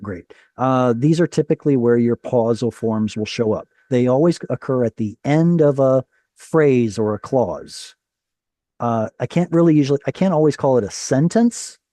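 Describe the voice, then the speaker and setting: A man's voice: mid-range voice, warm tone, no room sound, studio quality. A man teaching a Hebrew reading class over a video call, explaining patiently, quizzing his students and correcting himself as he goes.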